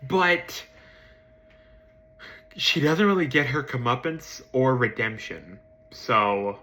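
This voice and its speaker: A man giving a casual spoken film review, hesitant with many ums and restarts, swearing casually and jumping into excited emphasis. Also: slow pace. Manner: jumps to excited high-pitched emphasis.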